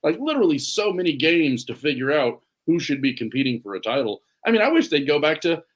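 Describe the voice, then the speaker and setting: A man's voice: on the high side, fast talker. A man co-hosting a podcast, chatting casually and rambling through stories. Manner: relaxed, rambling storytelling. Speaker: podcast co-host. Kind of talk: casual chat.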